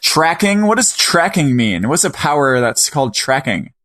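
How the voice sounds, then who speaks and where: A man's voice: on the high side, big pitch swings, a bit bright. A man from Minnesota co-hosting a podcast, joking and teasing in casual chat. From Minnesota, USA. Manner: joking, teasing, quick reactions. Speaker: podcast co-host.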